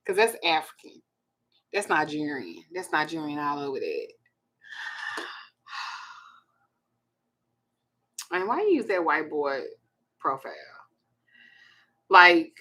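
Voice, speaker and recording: A woman's voice: lowish voice, expressive, slow pace, long pauses, fairly bright tone. A woman with a Southern US accent hosting a casual monologue, blunt and laughing between her stories. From Texas. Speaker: host.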